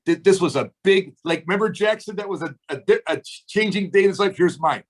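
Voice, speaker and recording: A middle-aged man with a high, brisk voice leads his sales team on a video call. He delivers an emphatic, preachy motivational talk and throws questions at his listeners.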